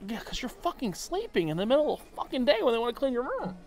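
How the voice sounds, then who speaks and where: A man's voice: extremely high pitch, sing-song, fast talker. A drunk man vlogging aboard a cruise ship, rambling emotionally and swearing often. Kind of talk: casual vlog monologue.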